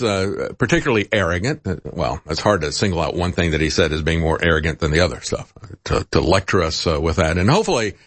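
A man hosting a political commentary show, talking in an animated, indignant and sarcastic way. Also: on the low side, no echo. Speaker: radio host.

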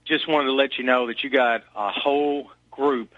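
A man with a Southern US accent calling in to a radio show, earnestly listing advice in quick strings. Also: mid-range voice, fairly even intonation, dry recording, narrow, tinny audio. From Kentucky. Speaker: caller. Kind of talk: phone-in call to a radio show.

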